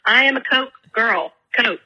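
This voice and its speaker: A young woman leaving a casual voicemail, retelling a story in a chatty, animated way with many fillers. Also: on the high side, unhurried, slightly rough, poor audio. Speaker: voicemail caller.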